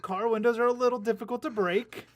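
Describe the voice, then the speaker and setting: A man's voice: very high voice, steady tone, fast, highs cut off, over a noisy crowd. A man chatting casually on a podcast, mostly chiming in with short reactions and brief comments. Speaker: podcast co-host. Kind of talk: casual chat.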